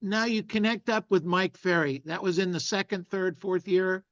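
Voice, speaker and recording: A man's voice: sits high, moderate pace. A man interviewing a guest, asking hesitant, probing questions. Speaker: interviewer, host. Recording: dull, lo-fi sound.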